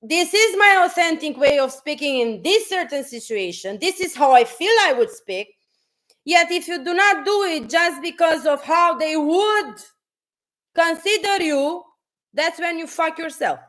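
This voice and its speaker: A woman with a high voice delivers a blunt, preachy motivational talk on a live stream. She speaks slowly, often restarting her sentences and swearing casually as she pushes her point. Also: animated, a bit bright.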